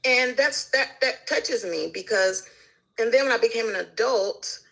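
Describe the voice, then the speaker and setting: A woman's voice: a little high, measured pace, creaky, a bit bright, poor audio. A woman guest in casual conversation, telling stories animatedly and acting out the people she quotes. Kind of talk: casual chat.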